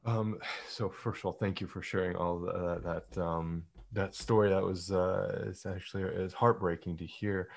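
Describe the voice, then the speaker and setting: A man hosting an interview, speaking in a measured way and pausing with fillers. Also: deep voice, steady tone, gravelly. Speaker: interviewer, podcast host.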